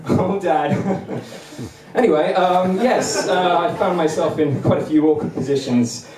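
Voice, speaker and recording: Young guy doing stand-up, high voice, bumbling and self-deprecating, roomy club sound from far off. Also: measured pace, crowd noise. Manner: bumbling, self-deprecating, chuckles between lines. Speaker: stand-up comedian. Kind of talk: stand-up comedy set. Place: comedy club stage. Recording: roomy venue, mic at a distance.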